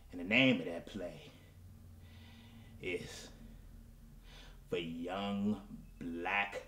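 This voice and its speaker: A man's voice: deep voice, fairly bright tone, roomy sound. A man playing a washed-up, self-pitying male soul crooner in a comedy character monologue, melodramatic and pleading, dropping at times into whispers. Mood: grandiose. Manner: melodramatic, pleading, addresses the audience, drops to whispers.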